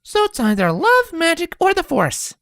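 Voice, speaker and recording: A woman puts on a hyper, bouncy female pony from a fan audiobook, chirpy and upbeat. Her voice is high and very lively, heard dry and close. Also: normal speed, dry recording, full character voice.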